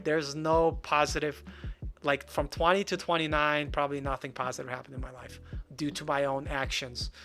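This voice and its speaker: A man's voice: on the high side, bright, forceful tone. Rambling self-deprecating man in his forties. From Russia. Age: 40s. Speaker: livestream host. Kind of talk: casual live-stream chat.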